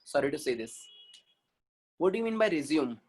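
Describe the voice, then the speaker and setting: An Indian-accented man leads a webinar as a communication trainer, speaking at normal speed in a fairly high, husky, darkish voice with wide pitch swings. He is forceful, goes over his points again and again, and keeps asking the audience rhetorical questions.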